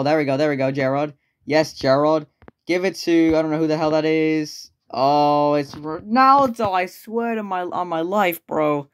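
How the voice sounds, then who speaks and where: A young man with a fairly high voice narrates his own football video game match live. He groans, exclaims and swears at his players, his commentary rising and sinking with every chance. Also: clear, resonant tone. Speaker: gameplay streamer.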